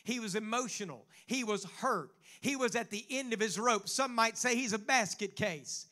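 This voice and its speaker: A man's voice: high voice, moderate pace, bright, forceful tone. A man preaching a sermon as pastor, quoting scripture and building to fervent exhortation.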